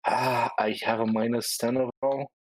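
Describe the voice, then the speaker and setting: A man's voice: medium pitch, level tone, normal speed, no echo, rough recording. A man playing a tabletop game, checking the rules with questions. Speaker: player. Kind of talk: casual tabletop game chat.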